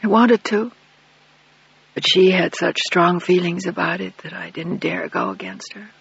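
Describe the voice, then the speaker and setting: A man voicing a remorseful, ailing older father who talks in a mournful, halting, apologetic way. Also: high voice, steady tone, creaky, a bit bright, slightly rough, exaggerated voice. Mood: sorrowful. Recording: dull lo-fi dry recording.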